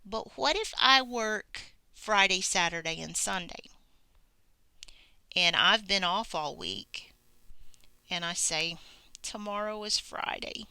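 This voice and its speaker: Slow, bright-voiced woman teacher. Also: fairly low pitch, expressive, clear, resonant tone, no echo. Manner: slow, deliberate explaining, acting out example sentences. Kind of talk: English grammar lesson.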